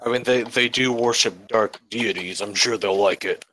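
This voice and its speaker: A man's voice: fairly low pitch, normal speed, sharp tone, a little hiss or hum. A man playing in a tabletop game, joking and playful. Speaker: player. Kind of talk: casual tabletop play.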